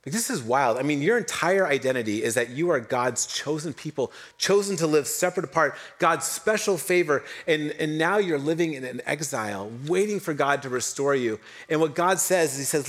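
A middle-aged man preaching a sermon, telling a Bible story with lively voiced quotes and dropping to soft, low tones for emphasis. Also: normal speed, few pauses. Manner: animated storytelling, voicing biblical figures, drops to soft low tones for emphasis. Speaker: pastor.

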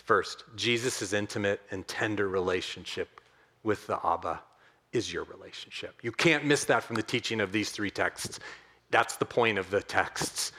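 A male pastor preaching a sermon, repeating key phrases and speaking directly to his listeners as friends. He swings between loud, emphatic outbursts and quiet, tender, hushed passages. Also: low voice. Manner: addresses the congregation directly as friends.

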